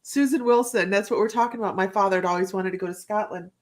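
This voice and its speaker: A woman hosting a relaxed live stream from home, talking in a loose, rambling way. She laughs often and greets viewers by name as she reads their comments. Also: mid-range voice, fast talker. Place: home, indoors.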